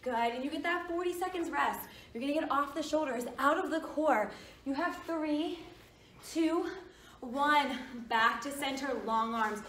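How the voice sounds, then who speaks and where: A woman's voice: high voice, unhurried, a bit bright, slight background noise. A woman coaching a workout while out of breath, giving encouraging form cues. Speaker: fitness coach. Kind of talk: workout instruction. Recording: echoey room, mic at a distance.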